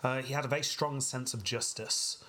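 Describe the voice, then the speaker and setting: A man's voice: medium pitch, fairly even intonation, moderate pace, bright, forceful tone, a little hiss or hum. A man co-hosting a podcast, casually narrating history with a dry, wry humor and frequent laughs. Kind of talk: casual storytelling chat.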